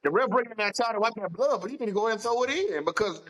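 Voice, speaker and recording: Brief: high-pitched male podcast co-host, slangy and animated, wrestling chat. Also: rapid-fire, low-quality recording. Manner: animated, drawling Southern slang, retells his own reactions.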